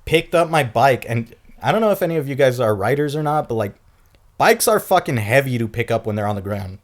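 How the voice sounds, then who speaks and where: Young male co-host, loose storyteller, heavy swearing, average pitch. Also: fairly quick. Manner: profane, animated retelling with acted quotes. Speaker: podcast co-host. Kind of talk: casual storytelling.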